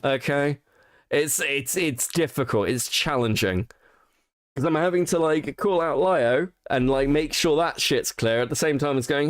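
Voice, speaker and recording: A man's voice: a little high, unhurried, dry recording, clean studio sound. A man hosting a casual commentary stream, swearing and restarting as he gets worked up. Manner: heated, swearing, frequent restarts. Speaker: stream host.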